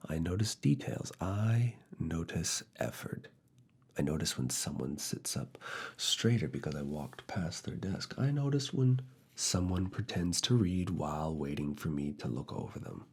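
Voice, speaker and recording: A man voicing a strict, teasing male university professor in a slow, soft, deliberate whispered role-play. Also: sits low, lively intonation, slightly rough, full character voice. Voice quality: soft, hushed, often whispered. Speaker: ASMR roleplay creator.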